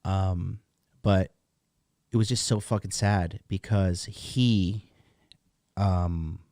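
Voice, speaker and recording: A man's voice: low-pitched, steady tone, very slow, a little mellow, dry recording, clean studio sound. A man hosting a dating channel, ranting bluntly in a casual rambling way with lots of swearing. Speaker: dating coach host. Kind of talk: casual profane rant to camera. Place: seated at a desk, indoors.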